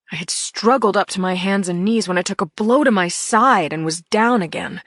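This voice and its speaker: A woman's voice: mid-range voice, dry recording, studio quality. A woman reading an audiobook in the first person, with tense, emphatic storytelling. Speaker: audiobook narrator.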